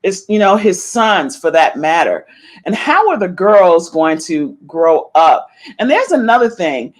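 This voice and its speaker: A middle-aged woman hosting a podcast, giving chatty, animated celebrity gossip commentary and playfully meowing her catchphrase. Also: lowish voice, measured pace. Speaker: podcast host.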